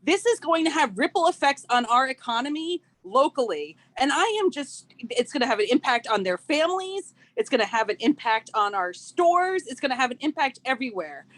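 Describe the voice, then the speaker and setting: A woman's voice: sits high, big pitch swings, brisk, hardly any pauses, a bit bright. A woman, a parent giving an impassioned, emphatic public comment at a council meeting. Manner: outraged, repetitive "like", emphatic.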